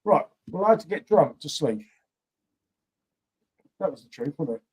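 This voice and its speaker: A man's voice: a little high, expressive, normal speed, background noise. A man, a guest on a live beer stream, pleading and laughing sheepishly with a friend. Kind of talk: casual banter on a live stream.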